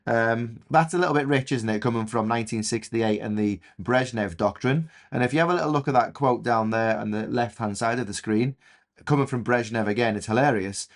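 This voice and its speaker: A man's voice: medium pitch, a little fast. Enthusiastic English male history teacher. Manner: enthusiastic, chatty, many fillers. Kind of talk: recorded revision lesson.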